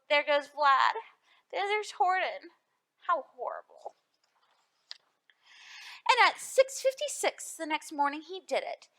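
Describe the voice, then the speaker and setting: High, slow storytime librarian woman. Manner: expressive, addresses children with questions. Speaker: children's librarian. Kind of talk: storytime read-aloud.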